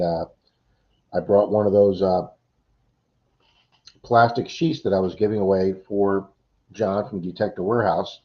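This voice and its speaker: A man hosting a live stream, telling a long story casually with many "uh"s and restarts. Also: low-pitched. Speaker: livestream host. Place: home computer setup. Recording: dull lo-fi stream audio.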